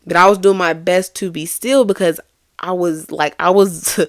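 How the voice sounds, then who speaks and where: A woman's voice: lowish voice, steady tone, normal speed, no echo, clean studio sound. A young woman hosting a faith-based podcast, telling a personal story in an earnest, confessional way, often restarting her sentences. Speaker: podcast host.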